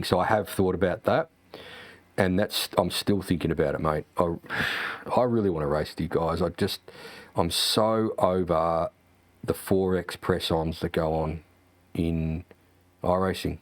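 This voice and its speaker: A man's voice: deep voice, fairly even intonation, moderate pace, no room sound. A man, a sim racing streamer, chatting casually and ranting with lots of profanity and fillers. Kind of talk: casual chat.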